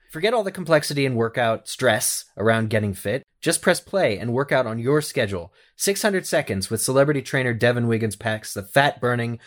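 A man co-hosting a podcast, chatting casually and reading a sponsor ad in an upbeat way. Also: mid-range voice. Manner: lively, upbeat, reads sponsor copy. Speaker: podcast co-host. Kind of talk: casual podcast chat and ad read.

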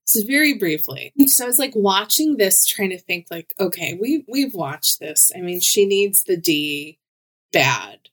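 A woman's voice: mid-range voice, sing-song, a little slow. Woman cohost, blunt, laughs a lot, swears casually on a podcast. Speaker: podcast co-host.

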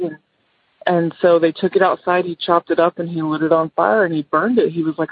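A woman's voice: fairly low pitch, a little fast, breathy edge, no room sound. A woman caller chattily telling a friend's ghost story over the phone, rambling with fillers and quoting the people in it. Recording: phone line.

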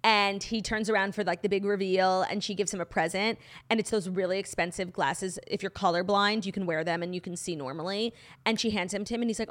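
A woman's voice: mid-range voice, fairly even intonation, a little fast. A young woman co-hosting a podcast, chatting casually and gushing, swearing freely and laughing often. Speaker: podcast co-host. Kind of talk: casual chat.

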